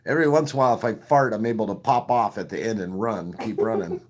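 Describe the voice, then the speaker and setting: A man's voice: on the low side, fast talker. A man telling crude, self-mocking stories on a live stream, laughing at his own jokes between coughing fits. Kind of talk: crude comic storytelling.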